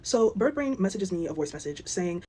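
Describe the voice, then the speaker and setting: A young woman telling a storytime vlog, animated and indignant. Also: mid-range voice, normal speed, a little hiss or hum. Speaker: vlogger. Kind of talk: storytime monologue.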